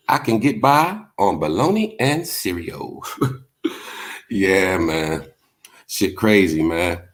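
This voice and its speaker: A laid-back man hosts a casual livestream in a very deep, slow voice. He drifts between rambling stories and viewer comments, swearing easily and padding every line with fillers. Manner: laid-back, profane, drawn-out storytelling with many fillers. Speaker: livestream host. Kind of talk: casual chat, storytelling, reading comments.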